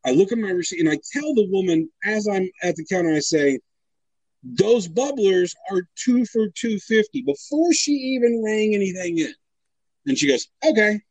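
High-voiced man telling a profane story. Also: a little mellow, dry recording, poor audio. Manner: profane, exasperated, acts out quotes. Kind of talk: casual storytelling.

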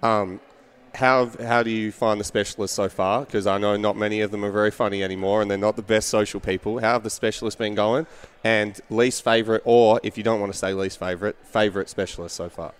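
A man hosts a podcast, talking quickly in long, looping questions. His voice is a little low and comes through smooth and clear. He teases his guest. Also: fairly even intonation. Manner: fast, teasing, rambling questions. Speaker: podcast host. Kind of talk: casual interview chat.

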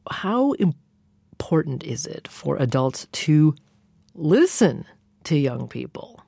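Very deep-voiced gravelly woman host. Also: big pitch swings, slow, dark tone, dry recording, studio quality. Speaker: radio host. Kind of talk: broadcast interview hosting.

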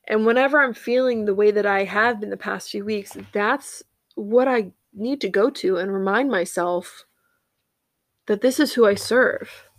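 A woman's voice: mid-range voice, measured pace, dry recording, clean studio sound. A woman in her thirties hosting a faith podcast, talking in an earnest, rambling way with many fillers. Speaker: podcast host.

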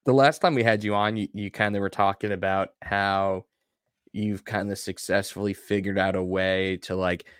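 A man hosting a podcast, asking questions in a relaxed, hesitant way with lots of fillers. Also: low-pitched, normal speed, clean tone, dry recording, studio quality. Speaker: podcast host. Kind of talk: casual interview questions.

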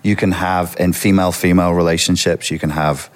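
Brief: expert guest, middle-aged man, deep voice, earnest and explanatory, talks straight to camera. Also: fairly even intonation, fairly quick. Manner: earnest, explanatory, addresses viewers directly. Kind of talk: interview, explaining.

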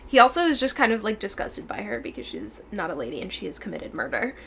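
A woman chatting casually as co-host of a book club show. She rambles along with plenty of ums and likes and laughs easily. A faint hiss sits under her mid-pitched voice. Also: sing-song, quick pace, gravelly, fairly bright tone. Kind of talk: casual chat.

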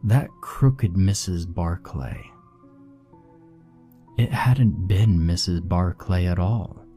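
A man narrating a horror story in a grave, measured first-person telling. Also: sits low, dark tone. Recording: faint background music.

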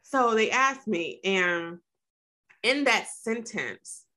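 Chatty woman podcast host telling stories, sharp bright voice. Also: mid-range voice, lively intonation, extremely slow. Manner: chatty, storytelling, laughs easily. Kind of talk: podcast interview.

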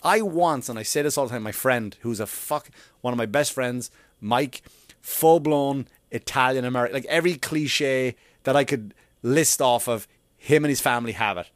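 A man's voice: mid-range voice, moderate pace, no echo. Guy doing a stand-up bit, ranting and swearing, exasperated, dry sound. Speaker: stand-up comedian. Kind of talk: stand-up comedy rant.

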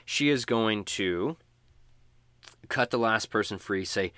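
A man narrating and running a tabletop game as game master in a relaxed, casual way. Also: on the low side, slow pace, clear, resonant tone, no room sound, clean studio sound.

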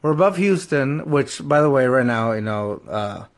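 A man in a casual chat, telling a story in an excitable way, with frequent restarts and laughs. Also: mid-range voice, moderate pace. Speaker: podcast co-host.

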